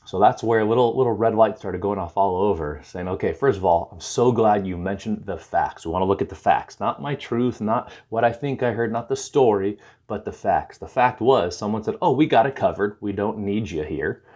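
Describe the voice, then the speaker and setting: A man's voice: lowish voice, moderate pace, hardly any pauses. A man talking to camera with advice, retelling a conversation and acting out the lines. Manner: animated storyteller, acts out dialogue. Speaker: recovery counselor.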